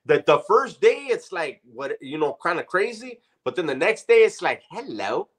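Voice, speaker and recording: A man's voice: high voice, sing-song, normal speed. A middle-aged man co-hosting a casual chat, full of profane, teasing banter. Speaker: podcast co-host.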